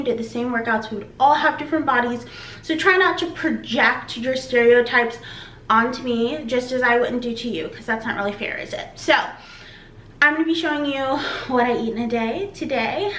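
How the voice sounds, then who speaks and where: A woman with a fairly high voice chats easily as she makes food in her home kitchen. She fills gaps with ums and drifts toward and away from the camera mic. A faint hum of a kitchen fan sits under her voice. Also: a bit bright. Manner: chatty, explains as she cooks, frequent ums. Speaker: vlogger. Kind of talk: casual kitchen vlog voice-over. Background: kitchen fan and frying noise.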